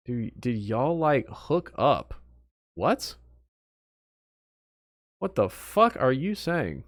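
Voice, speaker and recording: A young man streaming, chatting casually with his viewers and telling animated stories from a trip. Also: mid-range voice, very slow, long pauses. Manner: animated storytelling, talks to chat.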